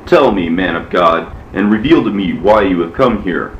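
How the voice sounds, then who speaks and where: An old patriarch speaking tenderly to his son and wife, read by a man. The low voice moves slowly and solemnly. It sounds a little muffled, with faint ambience behind it. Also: expressive, slight background noise. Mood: earnest. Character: aged patriarch, tender father and host. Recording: echoey, muffled, from far off.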